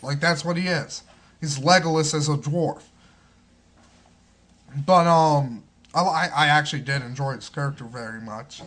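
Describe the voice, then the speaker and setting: A man's voice: fairly high pitch, moderate pace, long pauses, a bit bright. A man casually reviewing a movie in a rambling, profane way, full of fillers and restarts.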